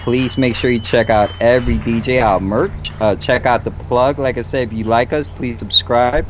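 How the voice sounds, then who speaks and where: A man's voice: medium pitch, steady tone, normal speed, slight background noise. A man co-hosting a casual podcast in a laid-back way, often tagging his lines with "man" and "dude". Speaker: podcast co-host and radio DJ.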